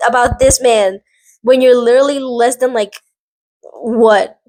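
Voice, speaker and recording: A woman talks straight to her viewers in a casual, chatty recap, her voice sitting a little higher than most. She rambles, wanders into side notes and leans on "like" constantly. The energy stays animated and conversational throughout. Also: a little slow, long pauses. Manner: animated, rambling, heavy use of "like". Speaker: book and drama recap vlogger.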